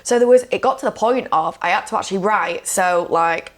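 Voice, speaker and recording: A woman's voice: mid-range voice, fairly quick. A woman speaking as a podcast guest and coach, telling a personal story frankly and emotionally, with lots of "like" and "you know". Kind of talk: candid conversational storytelling.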